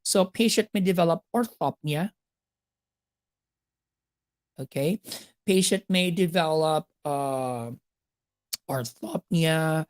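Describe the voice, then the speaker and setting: A woman's voice: on the low side, measured pace, a little mellow. A woman with a Filipino accent giving a nursing exam lecture, mixing English with Tagalog and checking in with "okay?" after each point.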